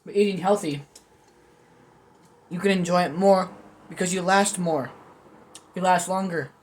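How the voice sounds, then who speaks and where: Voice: medium pitch, unhurried, slight background noise. A young adult vlog host rambling through a casual food video with jokey, self-mocking commentary.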